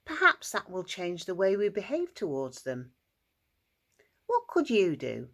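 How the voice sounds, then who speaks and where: A woman telling a Bible story to primary school children in an expressive storytelling voice. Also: measured pace. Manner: expressive, shifts into squeaky character voices and shouts.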